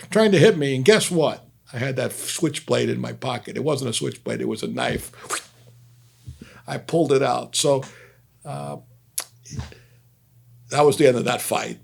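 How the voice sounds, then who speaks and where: A man's voice: mid-range voice, gravelly. A man, telling stories bluntly and profanely in a casual, rambling way. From Brooklyn, New York. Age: 60s. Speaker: host. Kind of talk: casual storytelling.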